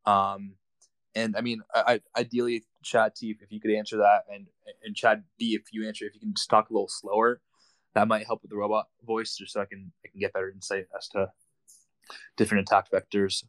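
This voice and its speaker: Man, caller, low flat voice, halting, repeats words, frustrated, dry sound. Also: dry recording. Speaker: caller from the community. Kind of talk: casual question on a live audio call.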